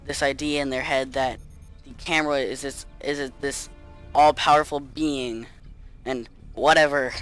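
Dry monotone man, higher voice. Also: clear, resonant tone. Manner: monotone, dry sarcastic delivery. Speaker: gaming YouTuber. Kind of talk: casual gameplay commentary.

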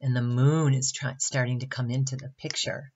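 A woman's voice: rumbling low, little pitch movement, moderate pace, darkish tone, slightly rough, dull audio. A woman reading a picture book aloud to children at a Bible camp, stopping often to ask the listener questions. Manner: chatty asides asking the listener questions.

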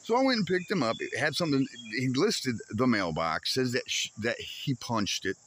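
Man telling a lively, animated rant. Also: medium pitch, normal speed. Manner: animated, swears freely, acts out quoted exchanges. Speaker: homesteading vlogger. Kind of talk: casual storytelling rant.

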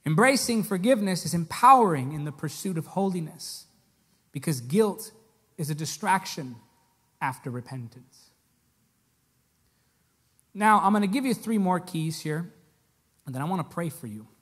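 High bright-voiced guy preaching, blunt and punchy, lots of questions at the crowd, big echoey church hall. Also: animated, normal speed, long pauses, breathy edge. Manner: direct, emphatic, rhetorical questions. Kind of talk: sermon to a live congregation. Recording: echoey hall with long reverb.

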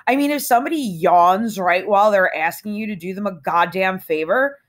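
A woman's voice: mid-range voice, brisk. A woman narrating a first-person novel aloud in a casual, sardonic, conversational way. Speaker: audiobook reader.

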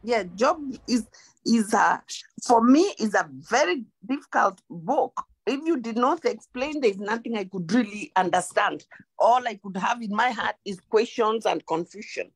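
Woman, squeaky voice, just woken up, slow careful scripture reading, higher pitch. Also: expressive, husky. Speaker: Bible study participant reading scripture.

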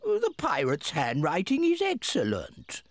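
Cheery cartoon pig father, lively swooping pitch, slow, music under. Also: vocal fry, no room sound, heavily acted. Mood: cheerful. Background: background music.

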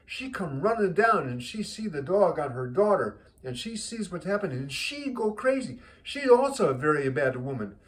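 A man's voice: high-pitched, sing-song, moderate pace, hardly any pauses, voice pushed up, rough recording. A man voicing a blunt older Italian widower who speaks broken English and drops his verb endings. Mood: worked up.

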